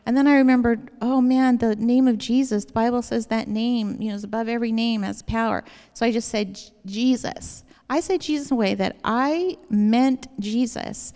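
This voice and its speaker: Woman, earnest rambling testimony speaker, somewhat high, gravelly voice, reverberant hall. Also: fairly quick, few pauses, mellow. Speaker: speaker giving a personal testimony. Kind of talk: personal faith testimony to an audience.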